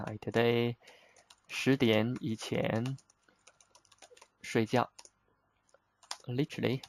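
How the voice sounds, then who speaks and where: A man teaching vocabulary, explaining patiently step by step in plain, slightly broken English with simple examples. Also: medium pitch. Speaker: Chinese teacher.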